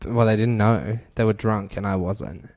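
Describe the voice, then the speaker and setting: A man's voice: on the low side, normal speed, a little mellow, no room sound, clean studio sound. A man co-hosting a podcast, chatting casually, swearing and laughing often. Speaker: podcast co-host.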